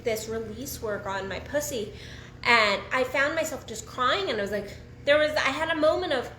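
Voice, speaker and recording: A woman's voice: sits high, normal speed, echoey room, slight background noise. A woman coach talking frankly and casually on her own, with blunt swearing and frequent restarts. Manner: frank and profane, animated, restarts often. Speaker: sex and relationship coach. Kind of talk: casual solo talk to camera.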